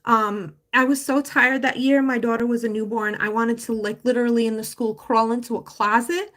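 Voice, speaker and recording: A woman's voice: fairly high pitch, fairly even intonation, moderate pace, fairly bright tone. Emotional woman rambling on a live stream. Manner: rambling, heartfelt, full of fillers and restarts. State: emotional, voice wavering. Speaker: livestreamer promoting a home business. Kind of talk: casual live-stream talk.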